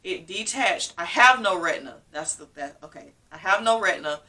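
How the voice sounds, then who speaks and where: A woman's voice: lowish voice, lively intonation, normal speed, pushed and bright, distant mic. A woman vlogger telling a personal story candidly and emotionally, acting out what people said.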